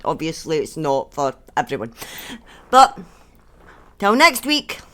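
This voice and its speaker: A woman from Northern England chats easily with her co-host through a headset. Her tone is relaxed and teasing, and she drops in "aye" now and then. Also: low-pitched, slow. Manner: relaxed, joking, says "aye". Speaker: podcast co-host. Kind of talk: casual chat.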